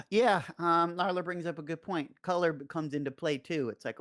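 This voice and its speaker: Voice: medium pitch, normal speed, fairly bright tone. A co-host on a casual podcast with a mid-range voice. The speaker talks in a loose, rambling way and often breaks into laughter. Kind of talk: casual chat.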